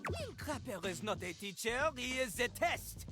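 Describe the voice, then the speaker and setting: A man's voice: extremely high pitch, big pitch swings, unhurried, sharp tone, heavily acted. An actor voicing a cocky male toilet rapper, who boasts and talks about himself in the third person. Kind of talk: video game voice acting, rapping over a beat. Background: game music.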